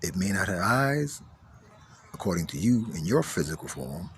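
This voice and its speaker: Low-voiced emphatic male spiritual teacher. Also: sing-song, moderate pace, a little hiss or hum. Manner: emphatic, repeats key phrases, drops to hushed tones then rises forcefully.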